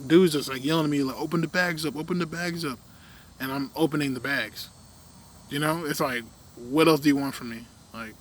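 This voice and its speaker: A young man in a casual, rambling rant, full of fillers, often trailing off quietly at the ends of his thoughts. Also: mid-range voice, a little hiss or hum.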